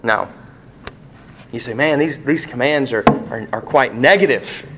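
A middle-aged man preaching a sermon, asking the congregation rhetorical questions and rising sharply in pitch and volume on emphatic points. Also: a little slow, very noisy. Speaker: pastor.

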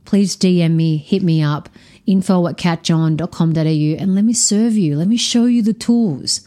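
A woman coach talks through her own podcast in a frank, energetic monologue, swearing freely as she goes. Her voice sits a little low, with a mellow, soft tone. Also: moderate pace.

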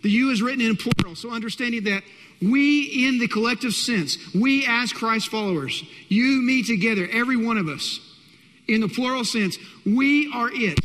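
High-voiced male pastor preaching emphatically. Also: moderate pace, a bit bright. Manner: emphatic, repeats key phrases, direct address to congregation. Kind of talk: sermon. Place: church hall. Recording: long reverb of a large hall.

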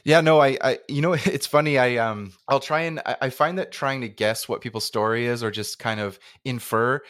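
A man's voice: mid-range voice, normal speed, fairly bright tone, no room sound, clean studio sound. A man from Canada hosting a podcast, asking questions in a rambling, self-interrupting way. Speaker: podcast host. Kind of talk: casual interview chat.

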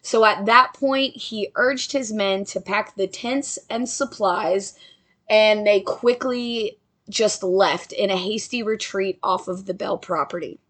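A young woman tells a ghost story in a relaxed, conversational voice. She drops playful asides to her listeners as she goes, sounding like she is chatting with friends more than reading. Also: medium pitch, slow. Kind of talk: casual storytelling narration.

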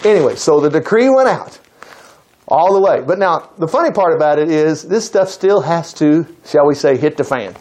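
A man preaching a sermon, retelling a Bible story in a lively, chatty way and acting out the characters' lines. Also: fairly high pitch, moderate pace. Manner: animated, acting out voices, chuckling asides.

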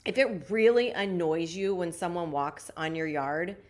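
A woman's voice: fairly low pitch, a little slow, a little mellow. A woman co-hosting a casual podcast, chatty and slangy, laughing often. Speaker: podcast co-host. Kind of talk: casual chat.

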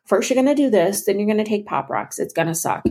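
A young woman co-hosting a podcast tells a story in casual chat, acting out both sides of the conversation. Her mid-range voice is expressive, fast, and a little mellow.

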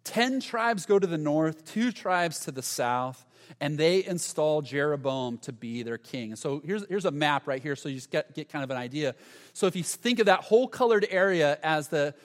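A man delivers a sermon in an animated storytelling manner, slipping into the voices of the people he quotes. His voice sits a little high, and a long reverb trails after his words in a large hall. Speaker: pastor.

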